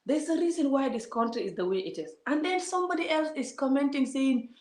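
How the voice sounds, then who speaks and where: A woman's voice: high voice, expressive, fairly quick, a little mellow. A woman vlogger ranting to her viewers in a heated, scolding way, talking straight at them. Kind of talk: casual vlog rant to viewers. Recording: roomy echo.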